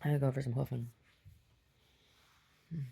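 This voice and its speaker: Middle-aged woman, video diarist, low gravelly voice, rambling storyteller who laughs a lot. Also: fairly even intonation, moderate pace, mellow. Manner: laughs often, acts out quoted voices, many restarts. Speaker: video diary vlogger.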